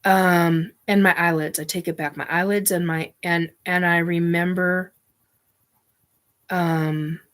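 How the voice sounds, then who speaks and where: Slow-talking blunt woman telling a story. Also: on the low side, level tone, fairly bright tone. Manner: blunt, swears freely, halting restarts. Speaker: host. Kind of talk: personal storytelling.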